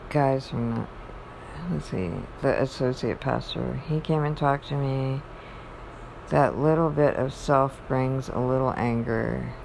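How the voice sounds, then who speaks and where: Low, slow-speaking woman rambling. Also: a little hiss or hum. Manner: rambling, halting, restarts mid-thought. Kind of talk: casual faith talk.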